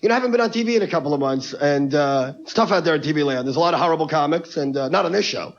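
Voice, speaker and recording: A man doing a brash, ranting stand-up comedy set on stage before a live audience. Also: on the high side. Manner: brash, rapid-fire, ranting. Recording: lo-fi TV broadcast with audience.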